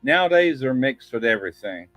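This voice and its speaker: A man's voice: medium pitch, big pitch swings, brisk, no room sound, lo-fi sound, faint music behind. A man hosting a casual live-stream chat, rambling in a folksy, plain-spoken way. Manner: rambling, folksy, drops "ain't". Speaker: host. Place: home studio live stream.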